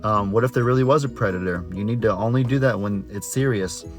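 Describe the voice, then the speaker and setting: A man's voice: lowish voice, fast talker, music in the background, lightly acted. A man voicing annoyed adult townsmen who lecture a prankster boy in a stern tone. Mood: scolding.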